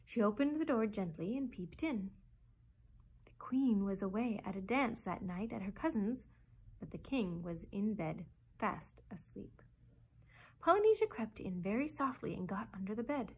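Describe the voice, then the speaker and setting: A woman librarian reading a children's chapter book aloud in a gentle storytelling manner. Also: mid-range voice, animated, moderate pace, slightly rough, low-quality recording.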